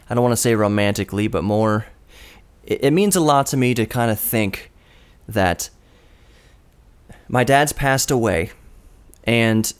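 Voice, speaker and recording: A man's voice: lowish voice, smooth. A man in his thirties hosting his own radio show, talking alone into a studio microphone in an earnest, storytelling way with a dry, self-mocking streak. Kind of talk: reflective solo radio monologue. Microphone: studio broadcast microphone.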